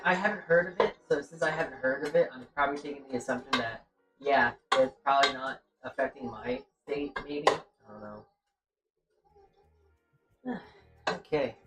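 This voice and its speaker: Cooking in a home kitchen, a chatty streamer talks to viewers and to themself while reading chat. The mid-range voice keeps a measured pace and pauses often. It's captured on a distant mic with music behind.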